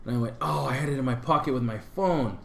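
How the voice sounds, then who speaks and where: A man on a podcast casually telling a long, rambling story, full of fillers and animated retellings. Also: medium pitch, fast talker, vocal fry. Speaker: podcast co-host. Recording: roomy echo.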